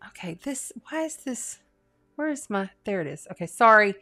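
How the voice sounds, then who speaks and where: A woman's voice: medium pitch, very animated, moderate pace, pushed and bright, soft background music. A middle-aged woman, an astrologer and tarot reader, chatting casually on a live stream, earnest and talkative with lots of fillers and restarts. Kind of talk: casual live-stream chat reading viewer comments.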